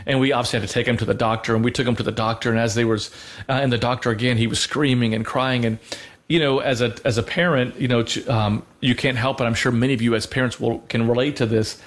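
Earnest halting man teaching faith. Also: medium pitch, steady tone. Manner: earnest, halting, many fillers and restarts. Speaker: co-host of a Christian radio show. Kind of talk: conversational religious teaching.

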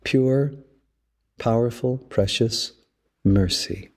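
A man, a priest hosting a podcast, giving a measured, storytelling homily. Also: mid-range voice, husky. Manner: slow, measured, storytelling delivery. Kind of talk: reflective spoken homily.

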